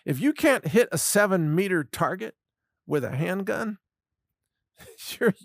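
Mocking guy ranting into a close mic, slightly high voice, dead dry sound. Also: animated, takes it slowly, vocal fry, long pauses, no room sound. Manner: sarcastic, mocking, with scoffing laughs. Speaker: political commentator. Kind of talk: solo commentary monologue.

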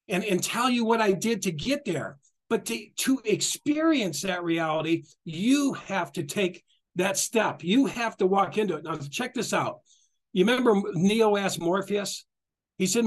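A middle-aged man with a notably high voice gives a passionate spiritual talk. He is animated and repetitive, acts out the quotes he tells and laughs often. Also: unhurried. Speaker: spiritual guest speaker.

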